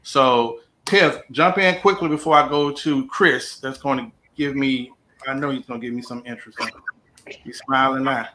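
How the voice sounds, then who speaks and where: A man hosting a podcast panel, giving his view in measured terms and handing the floor to others. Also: medium pitch, background noise. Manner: measured, directs the discussion. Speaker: podcast host. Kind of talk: panel discussion moderating.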